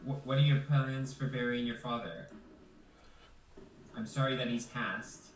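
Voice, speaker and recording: A man voicing an earnest, gentle adventurer who stammers sincerely. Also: mid-range voice, fairly even intonation, a little slow, recorded from a distance, a little hiss or hum, close to an everyday voice. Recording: echoey room, off mic.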